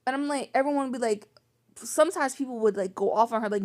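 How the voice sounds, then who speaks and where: A young woman vlogger vents her frustration while recounting a personal story, packing her speech with "like." Her voice is on the high side, fairly quick and a little mellow.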